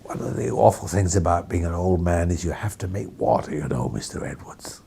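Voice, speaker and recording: Man doing an impression of an elderly, teasing press baron; slow theatrical lines, mellow low tone. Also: animated, vocal fry, a little hiss or hum. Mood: genial. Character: elderly male press baron, mischievous showman.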